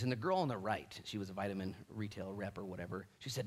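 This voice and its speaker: A man preaching a sermon as a pastor, telling stories and acting out the quoted voices in them, moving from quiet asides to loud, emphatic bursts. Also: lowish voice, animated, fast, hardly any pauses. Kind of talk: storytelling sermon.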